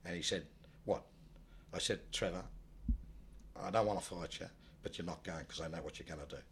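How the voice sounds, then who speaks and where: A man telling a personal story in a rambling, halting way, often dropping low and quiet. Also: creaky, slight background noise. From Australia. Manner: rambling, many restarts, low and subdued when recalling loss. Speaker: guest telling his life story. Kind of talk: casual spoken storytelling.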